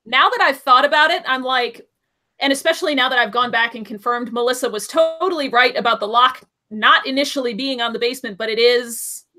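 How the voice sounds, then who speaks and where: A woman's voice: high-pitched, a little fast. A woman co-hosting a live podcast, chatting casually and asking lots of questions. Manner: animated, asks lots of questions. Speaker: podcast co-host.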